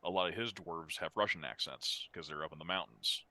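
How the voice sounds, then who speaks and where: A man with a very deep but bright voice chats casually. He often trails off mid-sentence. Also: a little fast, dry recording. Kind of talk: casual chat.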